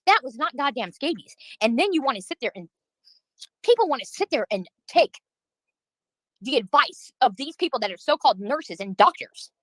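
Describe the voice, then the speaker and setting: A woman's voice: high-pitched, very animated, normal speed, fairly bright tone, no room sound, rough recording. A woman livestreaming, venting in a heated, profane rant while answering her chat.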